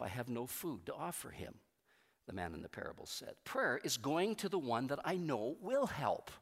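Animated preaching man in a reverberant hall. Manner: animated, conversational preaching with strong swings in pitch and loudness. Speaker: pastor. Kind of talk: sermon.

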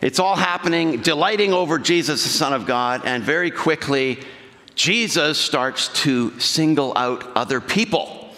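A man's voice: fairly high pitch, unhurried, pushed and bright. A male pastor preaching a sermon in a church, talking conversationally and putting questions to the congregation. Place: church sanctuary. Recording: long hall reverb.

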